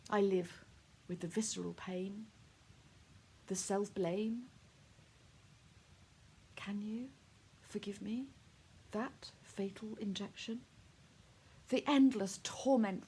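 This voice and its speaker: A woman reciting her own poem in a soft, hushed, heartfelt and grieving way. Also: medium pitch, a little hiss or hum. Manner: soft, hushed, intimate delivery. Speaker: poet. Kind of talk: poetry recitation.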